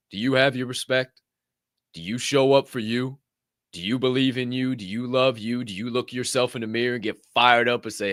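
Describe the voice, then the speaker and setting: A man's voice: medium pitch, moderate pace, fairly bright tone, no echo, clean studio sound. A man hosting a podcast, delivering a fiery, profane motivational monologue in reaction to a clip. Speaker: podcast host.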